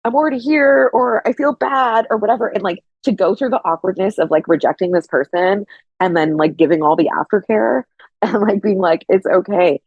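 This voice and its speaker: Young woman, guest storyteller; animated, lots of "like", acts out quoted lines, husky, slightly low voice. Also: fairly quick, no echo, lo-fi sound.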